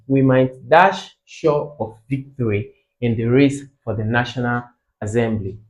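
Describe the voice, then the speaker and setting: Slow, patient man tutoring English. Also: mid-range voice, a little mellow, rough recording. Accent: Nigerian English. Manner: slow, repeats words to drill pronunciation. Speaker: exam tutor. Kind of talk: tutorial explanation.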